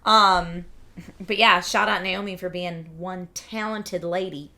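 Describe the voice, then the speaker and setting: A woman's voice: lowish voice, steady tone, slow pace, sharp tone. A woman hosting a livestream, chatting casually and reading out viewer comments in an upbeat, rambling way. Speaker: livestream host.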